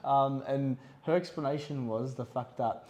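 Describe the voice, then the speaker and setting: A podcast co-host chats casually in a lively way, his voice medium-pitched and his pace normal. He tells stories with energy and acts out the quotes.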